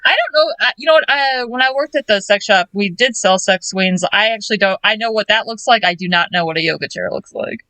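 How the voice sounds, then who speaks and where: A woman guest on a casual podcast with a bright, sharp-edged voice. She speaks frankly and with wry humor, swearing casually. The recording is dry and close. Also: medium pitch, a little fast, few pauses, dry recording, rough recording. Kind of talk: casual chat.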